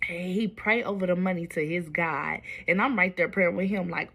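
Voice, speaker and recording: A woman's voice: on the low side, normal speed, vocal fry, few pauses, bright, forceful tone. A woman telling a personal storytime to her viewers, candid and confiding, with wandering asides.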